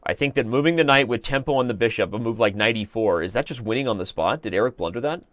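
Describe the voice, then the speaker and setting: A man hosting a live online chess show, commenting on games in a chatty, joking way and reading out viewer shout-outs. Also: medium pitch, fast, no room sound. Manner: chatty and joking, with playful asides.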